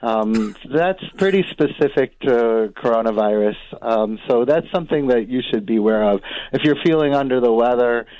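A man's voice: mid-range voice, animated, normal speed, no echo. Hesitant male doctor on a muffled line. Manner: hesitant, many ums. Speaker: doctor guest. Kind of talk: phone-in interview.

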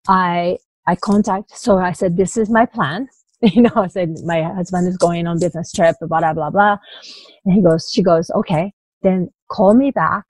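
A woman telling her personal story as a guest in an interview, in halting bursts with many restarts, asides and small laughs. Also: on the low side, a little mellow, no room sound, poor audio. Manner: halting retelling with frequent restarts, "you know" and light laughs.

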